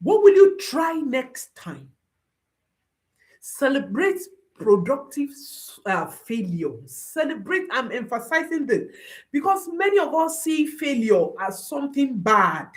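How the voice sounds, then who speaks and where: A woman gives a motivational talk coaching parents, her slightly high voice swinging widely in pitch in a sing-song, slow delivery. She repeats short phrases as refrains to drive each point home, rising and dropping sharply for emphasis.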